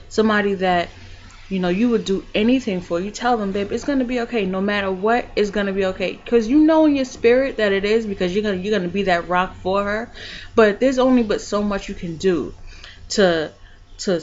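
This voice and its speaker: A woman vlogging about her own life, shifting between calm, soft reflection and animated retelling of scenes. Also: on the low side, dull audio. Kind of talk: personal storytelling vlog.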